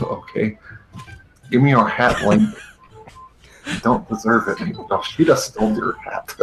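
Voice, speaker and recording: A man's voice: medium pitch, creaky, a bit bright, rough recording. A man hosting a comedy show, ranting sarcastically and with exasperation. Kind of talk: comedic rant over a game show stream.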